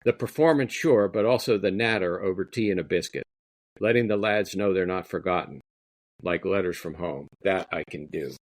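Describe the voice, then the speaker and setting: A man's voice: low voice, normal speed, dry recording, lightly acted. A man reading aloud the words of a modest, self-deprecating wartime touring entertainer in his own plain voice, earnest and conversational. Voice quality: plain voice, no accent attempted.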